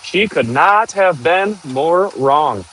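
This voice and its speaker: A man in his thirties talks in a slightly high voice, rambling to a live-stream chat and laughing often. He is working outdoors. A faint hiss of noise sits under his voice. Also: lively intonation, slow, a bit bright, rough recording. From northern Michigan, USA. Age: 30s. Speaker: livestream host.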